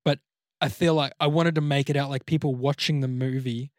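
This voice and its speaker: Animated man pitching a film idea. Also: a little fast, no room sound, studio quality. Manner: animated, swears freely, acts out lines. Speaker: podcast co-host. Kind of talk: casual chat.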